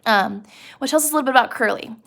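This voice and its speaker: A young woman explaining a novel in a loose, conversational way, often speaking straight to the listener. Her voice carries a noticeable gravelly fry. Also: fairly high pitch, fast talker, fairly bright tone. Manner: chatty, uses many fillers, addresses listener directly. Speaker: teacher. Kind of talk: casual literature lesson.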